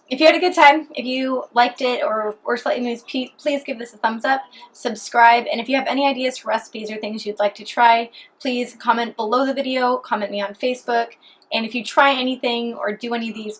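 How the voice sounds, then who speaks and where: A woman's voice: a little high, poor audio. A woman talking chattily and cheerfully through a home cooking vlog in her kitchen. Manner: chatty, upbeat, talks while eating. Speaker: cooking vlogger.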